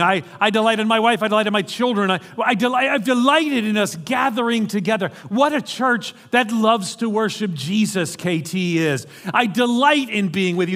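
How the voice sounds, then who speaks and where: A middle-aged man with a New York accent preaches in a church hall, his fairly high voice carrying a long reverb tail. He moves between animated emphasis and joking asides to the congregation. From New York City. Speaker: pastor. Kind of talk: sermon.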